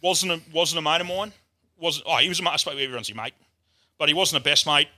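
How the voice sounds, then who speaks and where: A man's voice: on the high side, quick pace, sharp tone, no room sound, studio quality. An Australian man telling a rambling, swear-filled story as a guest on a casual podcast chat.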